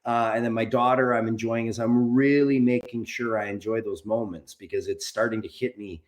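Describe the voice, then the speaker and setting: A man's voice: mid-range voice, fairly even intonation, normal speed. A man in his forties, a podcast guest, talking candidly and rambling a bit, swearing casually. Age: 40s. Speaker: podcast guest, documentary producer. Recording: roomy echo.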